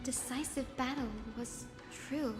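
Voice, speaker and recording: An actress voicing a curious young female companion in a game, speaking in an inquisitive, lively way. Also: high-pitched, unhurried, big-room sound, loud music behind the voice. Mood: wondering.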